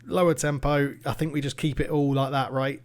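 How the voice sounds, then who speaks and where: A man commentating his own football management game, swinging between nervous muttering and excited shouting. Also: medium pitch, brisk. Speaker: gaming YouTuber.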